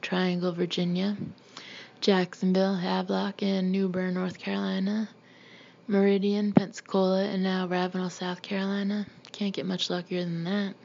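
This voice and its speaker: A woman voicing a wry teenage son of a military family, with mock enthusiasm, in a husky voice. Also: medium pitch, level tone, normal speed, a little mellow, highs cut off.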